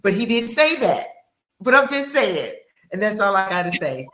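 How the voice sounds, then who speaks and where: A woman's voice: mid-range voice, sing-song, normal speed, a bit bright. Playful, colloquial woman in an echoey room. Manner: colloquial, playful, acts out quotes. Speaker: panelist. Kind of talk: panel discussion.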